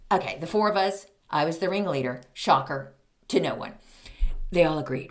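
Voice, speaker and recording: A woman's voice: on the low side, animated, normal speed, bright, forceful tone. A woman in her fifties, a podcast host, telling a comedic story in a snarky, exasperated way.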